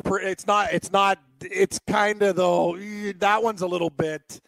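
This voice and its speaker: A man co-hosting a radio show, joking around in casual banter, quick to agree and chime in. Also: sits high, steady tone, vocal fry, a bit bright, no room sound, poor audio.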